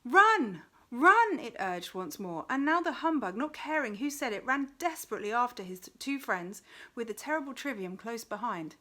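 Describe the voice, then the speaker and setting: A woman reading a novel aloud in an expressive storytelling manner. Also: fairly high pitch, brisk, few pauses. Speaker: reader.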